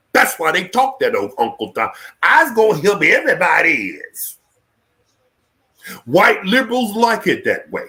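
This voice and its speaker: A man's voice: high-pitched, pushed and bright. A man hosting a live talk show, delivering a fiery, profane political rant. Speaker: show host.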